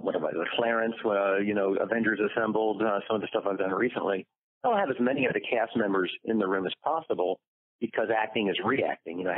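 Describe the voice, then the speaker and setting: A man voice actor telling lively stories in an interview, acting out the quotes. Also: fairly low pitch, breathy edge, no echo. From United States. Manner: lively storyteller, acts out quotes. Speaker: voice actor guest. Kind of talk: interview anecdotes. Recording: dry phone-like line.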